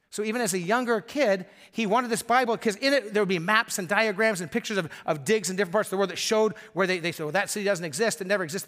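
An older man, a grandfather, preaching a sermon in a conversational, storytelling way that often drops to soft, intimate tones. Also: sits high. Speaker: pastor.

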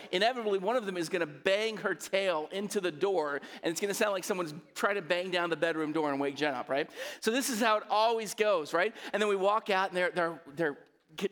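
A man preaching a sermon to his congregation in a relaxed, conversational way, often asking the crowd to answer back. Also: high-pitched, in a large hall. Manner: conversational, asks the congregation to respond. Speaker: pastor.

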